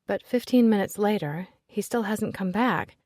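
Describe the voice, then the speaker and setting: A woman narrating a first-person romance audiobook in an expressive storytelling voice. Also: medium pitch, normal speed, dry recording, studio quality.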